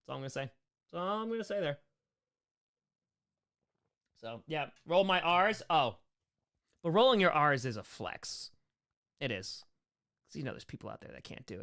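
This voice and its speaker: A young man hosts a casual live-stream Q&A, reading questions from chat and rambling through jokes and quick asides. His voice sits on the high side with a fairly bright tone.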